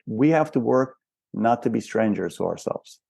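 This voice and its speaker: A man's voice: mid-range voice, animated, normal speed, gravelly, mellow, slightly rough, dry recording. An older man, a spiritual counselor and guest, explaining patiently and asking rhetorical questions in a reflective interview.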